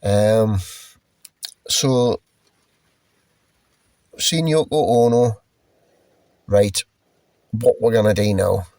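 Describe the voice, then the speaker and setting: A man's voice: fairly low pitch, very slow, long pauses, a little mellow, no room sound. A middle-aged man rambling through a casual spoken recollection, swearing freely and restarting his sentences. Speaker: storyteller recalling a past journey.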